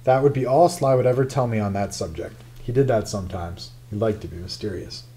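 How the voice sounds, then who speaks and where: A man's voice: on the low side, fairly quick, warm tone. A man narrating a first-person memoir in a wry, confiding storytelling manner. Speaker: audiobook narrator.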